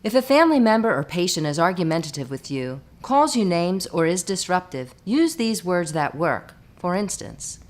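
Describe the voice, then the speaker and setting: Low-pitched woman narrating staff training. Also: big pitch swings. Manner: measured, instructive.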